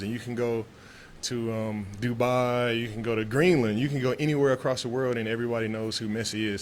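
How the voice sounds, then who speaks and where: A man's voice: mid-range voice, a little hiss or hum. A man from Texas, a pro football player answering press questions in a loose, laid-back way with many restarts.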